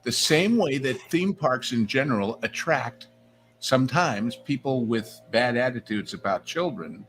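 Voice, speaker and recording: A man on a live podcast panel, giving quick, opinionated remarks. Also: mid-range voice, expressive, a bit bright, a little hiss or hum. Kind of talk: casual panel chat.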